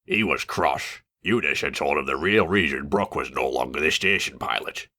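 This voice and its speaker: A man reading a storybook aloud with lively, expressive narration. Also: very deep voice, normal speed.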